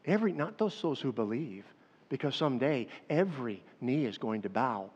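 A man's voice: mid-range voice, normal speed, husky. A man in his fifties preaching a sermon, telling stories animatedly and talking directly to his congregation. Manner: animated storytelling, addressing the congregation. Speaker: pastor. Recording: echoey hall, dull lo-fi sound.

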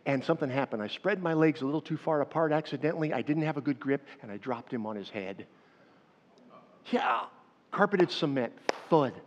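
This fifties-aged pastor speaks on the high side and fairly quickly, animatedly storytelling through his sermon while talking straight to the congregation. There's a little hiss or hum, plus hall echo and a dull lo-fi sound.

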